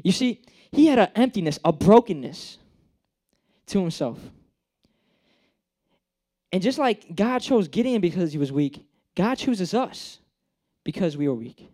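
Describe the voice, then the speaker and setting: A young man preaching in a loose, conversational way, with a fairly high voice. He jokes, uses slang and acts out the people in his story. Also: very animated, unhurried, long pauses, warm tone. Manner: chatty, joking, acts out characters. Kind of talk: casual sermon.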